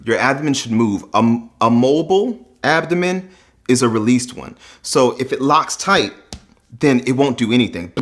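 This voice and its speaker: A man teaching a voice lesson in an earnest, instructive way. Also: mid-range voice. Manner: earnest instructive delivery, breaks into sung demos. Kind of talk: explanatory vocal lesson.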